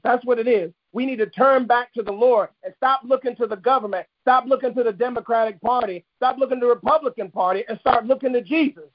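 A man's voice: very high voice, fast, few pauses, muffled recording. A man preaching a sermon, emphatic and repetitive, driving points home with restated phrases. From United States.

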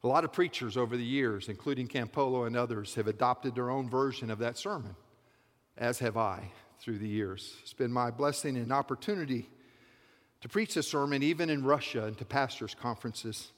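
A man preaching a sermon, building from a soft telling to loud, rhythmic repeated calls. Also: mid-range voice, moderate pace. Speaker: pastor. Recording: long hall reverb.

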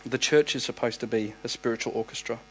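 A man's voice: mid-range voice, quick pace, very noisy. An Australian man preaching a sermon as pastor, emphatic, with repeated phrases and restarts.

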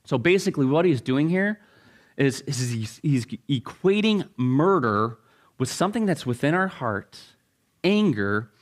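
A man preaching a sermon as pastor, reading scripture, praying and then teaching with animated rhetorical questions that leap up in pitch. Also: measured pace.

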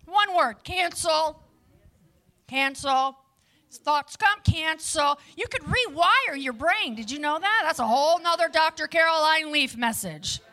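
A woman preaching a lively sermon to a live audience, with chatty asides to the listeners. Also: high voice, moderate pace, hardly any pauses.

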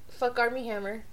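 A woman's voice: a little high, vocal fry, slight background noise. A woman co-hosting a casual podcast chat, crude and swearing freely, laughing often. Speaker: podcast co-host. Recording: harsh, overloaded mic.

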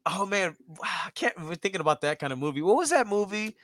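A man co-hosting a podcast, chatting casually and excitably, swearing freely. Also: high voice, fast talker. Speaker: podcast co-host. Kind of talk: casual chat.

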